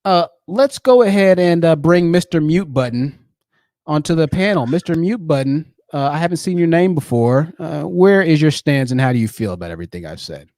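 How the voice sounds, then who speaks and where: A man's voice: fairly high pitch, animated, normal speed, darkish tone, no echo, studio quality. A man hosting a live-streamed call-in show, combative and sarcastic, often repeating phrases for emphasis. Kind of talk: live stream commentary with callers.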